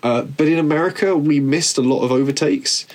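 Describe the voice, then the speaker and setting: A man's voice: on the high side, fairly quick, a little mellow. A man co-hosting a podcast, chatting casually and rambling with restarts. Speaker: podcast co-host. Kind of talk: casual chat.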